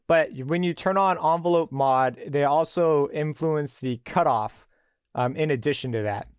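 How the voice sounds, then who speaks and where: Male music tutor, easygoing, thinks aloud; clean, crisp, dry studio voice. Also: a little high, a little slow, no room sound. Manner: relaxed explanatory, thinking aloud with fillers. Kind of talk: screen-recorded software tutorial.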